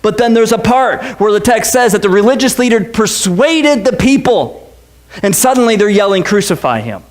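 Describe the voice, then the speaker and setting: A man with a notably high-pitched voice preaches in a church. His sermon is casual and joking, with frequent "okay"s and quick restarts. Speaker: pastor.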